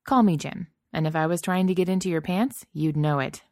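A woman voicing a brash, eager young male starship captain who talks in a bright, pushy, slightly flustered way. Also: on the low side, brisk, no echo, studio quality, natural voice.

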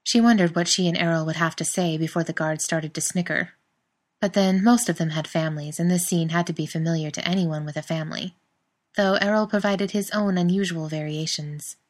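A woman narrating a story aloud in a calm, even reading voice. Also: fairly low pitch, fairly quick. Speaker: reader.

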